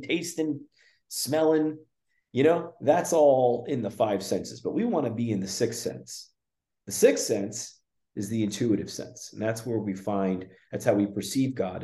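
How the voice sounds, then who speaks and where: Speaking in a mellow, lowish voice, this spiritual guest wanders through a casual conversation, often starting over and leaning on "you know" as filler. There's an echo from the room.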